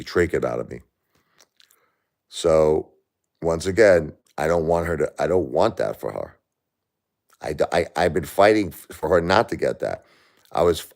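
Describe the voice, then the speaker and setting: A man with a low-sitting, slightly mellow voice hosts a live stream, addressing chat emotionally in a tired, distressed and repetitive way.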